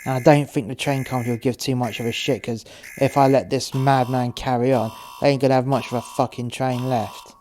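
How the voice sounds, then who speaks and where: A foul-mouthed cartel courier, acted by a man, narrates his story in a sardonic, profane way at a mid pitch. The audio drama recording is noisy. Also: steady tone, fairly quick, darkish tone, lightly acted.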